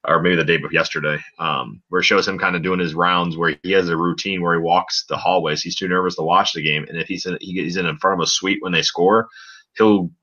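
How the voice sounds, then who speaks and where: Deep-voiced man, bright and lo-fi. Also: fairly even intonation, brisk. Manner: loose, chatty, many fillers. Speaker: podcast co-host. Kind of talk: casual sports podcast chat.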